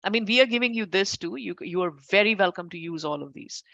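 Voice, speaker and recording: A fast-talking woman with a creaky, medium-pitched voice teaches an Ayurveda class on a dry, lo-fi recording. She's chatty and informal, regularly correcting herself mid-sentence and turning to her students with warm asides.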